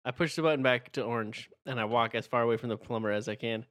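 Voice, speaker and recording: A man playing a tabletop role-playing game, playful and deadpan. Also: medium pitch, fast. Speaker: player.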